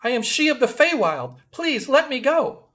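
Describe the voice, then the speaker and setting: A man's voice: very high-pitched, very animated, normal speed, a bit bright, full character voice. A man voicing a trapped woman who claims to be Fey and pleads desperately to be freed. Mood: pleading.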